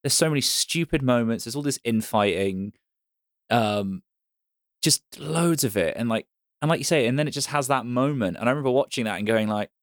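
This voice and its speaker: A man's voice: mid-range voice, expressive, fairly quick, no echo, clean studio sound. A man co-hosting a podcast, talking in an enthusiastic, reflective way. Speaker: podcast co-host. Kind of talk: casual chat.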